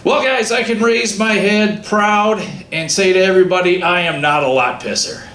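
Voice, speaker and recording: Man, stand-up comedian, animated storytelling, slightly high voice, echoey venue. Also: moderate pace. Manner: animated storytelling with acted-out dialogue. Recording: echoey room with faint ambient noise.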